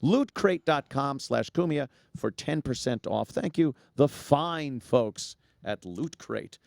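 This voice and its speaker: A man's voice: mid-range voice, lively intonation, takes it slowly, creaky, darkish tone, no echo, clean studio sound. A man hosting a casual talk show, joking around and doing a rambling live ad read with frequent laughs. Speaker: podcast host.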